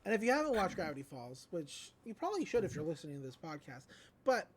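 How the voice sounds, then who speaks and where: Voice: medium pitch, very animated, fast talker, slight background noise. This is a podcast host in casual recap mode, retelling a cartoon episode scene by scene. The talk is loose and rambling, filled with likes, ums and small restarts, like an easygoing chat between friends.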